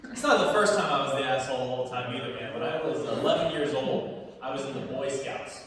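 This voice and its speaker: A young man performing a stand-up comedy set in a small theater, telling animated stories to a laughing audience. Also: medium pitch, quick pace. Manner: animated storytelling, punchlines with crowd laughter. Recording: echoey hall from far off.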